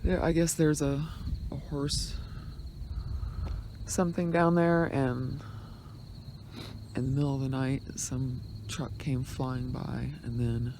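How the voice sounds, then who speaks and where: A man talks casually to his phone at a forest campsite, rambling along and restarting his sentences. His voice has a gravelly, creaky edge at a middling pitch. Wind buffets the mic and crickets chirp behind him. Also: mellow. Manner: rambling, chatty, trails off and restarts. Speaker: vlogger on a road trip. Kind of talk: casual chat to camera. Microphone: handheld phone.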